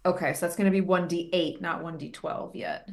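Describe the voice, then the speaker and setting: A woman's voice: on the low side, steady tone, a little fast, a little hiss or hum. A woman playing in a tabletop game, describing her character's actions casually with filler words. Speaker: player. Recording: roomy echo.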